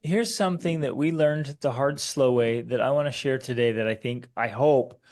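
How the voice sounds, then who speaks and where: A man's voice: medium pitch, normal speed. A middle-aged man co-hosting a family podcast, teaching in a casual way and acting out quotes in raised voices. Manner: animated storytelling, acts out quotes in raised voices. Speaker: podcast co-host.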